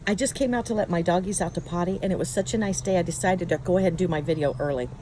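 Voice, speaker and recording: A woman's voice: on the low side, rapid-fire, mellow, a little hiss or hum, low-quality recording. A woman telling a chatty, self-mocking story to camera, filmed outdoors on a handheld phone. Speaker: vlogger. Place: outdoors at home, letting dogs out. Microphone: handheld phone, no tripod.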